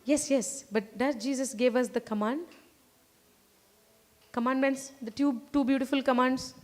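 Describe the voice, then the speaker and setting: A woman's voice: high voice, steady tone, a little slow. A woman with an Indian English accent preaching a sermon, emphatic and repeating phrases while calling on the congregation to answer.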